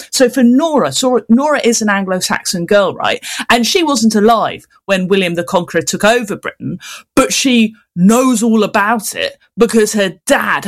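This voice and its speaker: A woman children's author chatting in an interview, self-mocking and full of casual fillers. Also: medium pitch.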